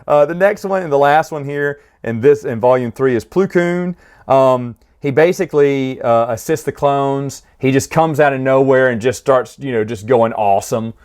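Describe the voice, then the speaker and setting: A man's voice: medium pitch, normal speed, darkish tone, clear, resonant tone. Chatty man recapping comic books. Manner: chatty, laughs often, frequent restarts and fillers. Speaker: book series reviewer. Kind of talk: casual spoken recap.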